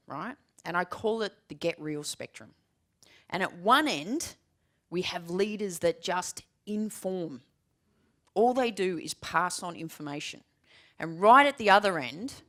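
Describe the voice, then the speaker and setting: Lively, low-voiced woman giving a keynote. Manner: lively, humorous storytelling with emphatic repetition. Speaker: keynote speaker. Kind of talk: keynote presentation. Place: large room with a live audience.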